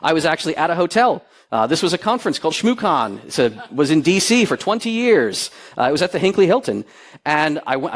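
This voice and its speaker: A man's voice: a little high, fast. A middle-aged man speaking on stage at a security conference, telling stories and acting out the dialogue in them. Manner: animated storyteller, acts out quoted dialogue. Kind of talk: lively conference talk. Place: conference hall with audience.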